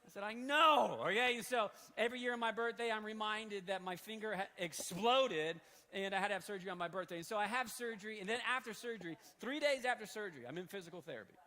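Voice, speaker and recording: Man in his 30s, high bright voice, animated sermon storytelling, long hall echo. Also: quick pace.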